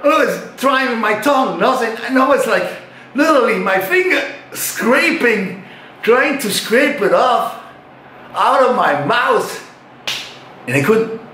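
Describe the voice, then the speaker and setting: An older man spins a yarn, his pitch leaping up and down as he acts out his own reactions. He sits on the high side for a man and swears freely. The room gives his voice a noticeable echo. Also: animated, a little slow, sharp tone, a little hiss or hum. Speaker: retired bodybuilder. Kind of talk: casual storytelling. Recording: roomy echo.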